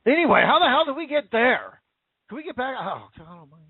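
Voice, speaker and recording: A man's voice: very high-pitched, sing-song, fairly quick, slightly rough, no room sound. A man giving a heated, sarcastic political rant, swearing as he talks. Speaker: political commentator. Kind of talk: angry ranting monologue. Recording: tinny phone-like sound.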